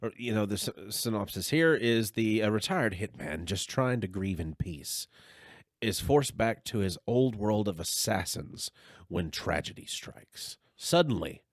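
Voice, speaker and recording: A man's voice: on the low side, expressive, measured pace, dry recording, studio quality. A man with a Southern US accent co-hosting a casual podcast chat, rambling with lots of fillers and sidebars. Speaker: podcast co-host.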